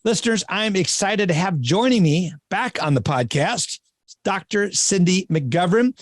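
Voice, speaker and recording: A man's voice: high voice, animated, measured pace, no room sound. A man from Minnesota hosting a podcast interview, chatty and enthusiastic. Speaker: podcast host. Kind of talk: casual interview chat.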